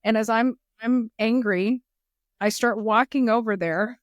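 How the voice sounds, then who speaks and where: A woman's voice: fairly high pitch, measured pace, no room sound. Middle-aged woman on a podcast, earnest and heartfelt, dry close sound. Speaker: guest, foundation leader. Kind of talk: podcast interview.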